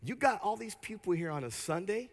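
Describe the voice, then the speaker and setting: A man voicing a smug male devil who gloats in a low, quiet voice. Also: very animated, fairly quick, exaggerated voice.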